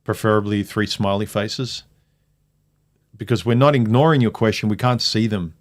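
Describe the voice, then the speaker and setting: A man hosts a casual livestream chat, reading viewers' comments aloud and reacting to them. He speaks at a normal speed in a lowish voice.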